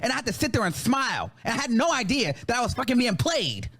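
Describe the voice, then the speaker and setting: A man's voice: very high-pitched, big pitch swings, fast, bright, forceful tone. A man in an angry, profane rant, repeating how furious he is. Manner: furious, repetitive, swearing. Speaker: show host venting about former show.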